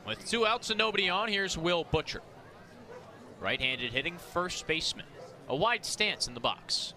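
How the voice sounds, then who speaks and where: A man calling live baseball play-by-play, rattling off pitches and counts, rising to shouts on big plays. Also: big pitch swings, moderate pace. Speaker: play-by-play announcer. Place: outdoor ballpark broadcast booth. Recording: outdoor ballpark crowd behind. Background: ballpark crowd.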